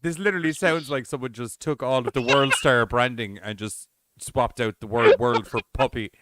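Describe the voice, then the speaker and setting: A man's voice: mid-range voice, moderate pace, heavy background noise. A man co-hosting a casual podcast chat, joking, laughing and mimicking the others. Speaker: podcast co-host.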